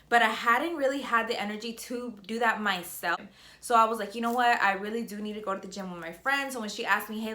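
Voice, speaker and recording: Young woman vlogger, bright voice, chatty and breathless, emotional. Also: medium pitch, echoey room. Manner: chatty, tearful and excited, many fillers. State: slightly out of breath. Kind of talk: emotional personal vlog.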